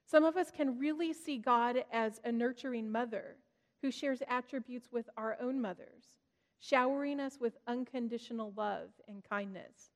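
A woman giving an earnest, reflective devotional sermon, gently stressing key words. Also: fairly high pitch, moderate pace. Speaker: devotional speaker. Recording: long reverb, hall-like.

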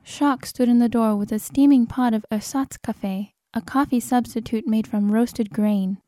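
A woman narrating an audiobook in a measured, dramatic style. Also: fairly high pitch, warm tone, dry recording, clean studio sound. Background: cinematic score.

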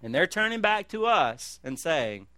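A middle-aged man preaching a sermon as pastor, swinging between loud calls and quiet, slow emphasis. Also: fairly high pitch, very animated, no echo.

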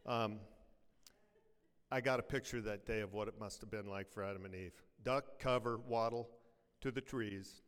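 A man with a slightly low voice preaches a sermon in a church sanctuary, pressing his listeners with rhetorical questions and light jokes. He sinks to a quiet hush on his heavier lines. A long reverb from the big hall trails every word. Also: steady tone, normal speed, smooth. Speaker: pastor.

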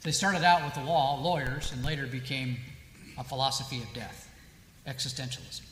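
A man's voice: mid-range voice, steady tone, normal speed, fairly bright tone, slight background noise. Emphatic male lecturer in an echoey hall. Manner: emphatic, asks rhetorical questions and answers them. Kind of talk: lecture with read-out quotations. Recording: echoey hall with long reverb.

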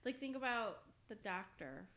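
A woman with a bright, crisp tone talks in a relaxed, agreeable way. She often chimes in with quick agreement while the others talk. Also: on the high side. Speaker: podcast co-host. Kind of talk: casual chat.

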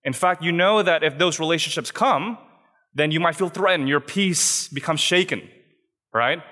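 Young adult male preacher, slightly higher voice, earnest and conversational, recorded with long hall reverb. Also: normal speed, pushed and bright. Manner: earnest, conversational preaching with frequent "right?" asides. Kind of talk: sermon. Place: church hall.

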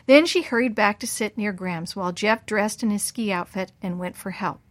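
A woman reads a children's story aloud in a measured, expressive voice of middle pitch. The recording is dry and close, with no room sound. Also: no echo.

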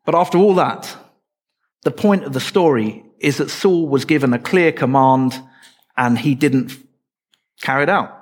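A man's voice: mid-range voice, a little slow, long pauses. A man preaching a sermon in a church, explaining scripture in a conversational way with light asides to the congregation.

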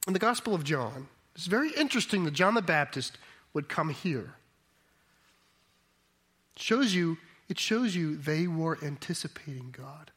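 Male pastor preaching a sermon, bit high voice, thinks out loud then gets emphatic. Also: big pitch swings, unhurried, husky. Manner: thoughtful, reflective, rising to emphatic.

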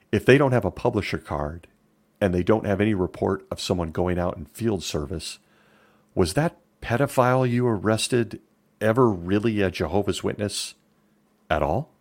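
A middle-aged man giving opinion commentary in a sarcastic, emphatic way. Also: low-pitched.

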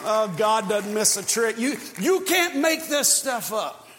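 A male pastor preaching a sermon with passion, swinging from shouted peaks to hushed, quiet passages. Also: sits high, big pitch swings, a little slow, long reverb tail, some chatter behind.

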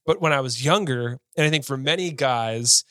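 A man's voice: mid-range voice, moderate pace, bright, forceful tone, no room sound, clean studio sound. A man co-hosting a podcast, talking in an earnest, rambling way and often correcting himself mid-sentence. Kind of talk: casual conversation.

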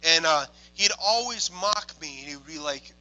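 A young adult man, a minister telling testimony stories in an excitable way, moving from hushed tones to loud exclamations. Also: on the high side, measured pace, rough recording. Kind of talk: testimony storytelling.

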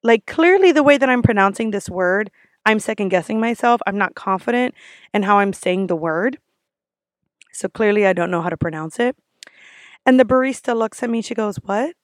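A woman's voice: mid-range voice, normal speed, no echo, studio quality. A woman who works as a restaurant server, ranting in a casual vlog, blunt and sassy with lots of swearing.

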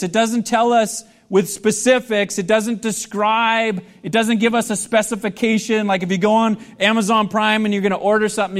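A man's voice: high voice, a bit bright. A male pastor preaching a sermon in a conversational way, asking the congregation questions and joking with them.

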